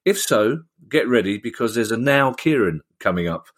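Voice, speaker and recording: A man's voice: medium pitch, expressive, moderate pace. A man hosting a podcast, talking in a wry, playful way with theatrical asides. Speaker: podcast host. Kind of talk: casual chat.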